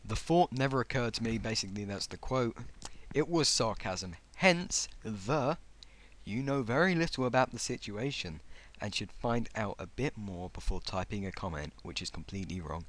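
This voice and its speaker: A man's voice: fairly low pitch, expressive, normal speed. A young man casually reading out an online comment argument and answering it with sarcastic, mocking remarks.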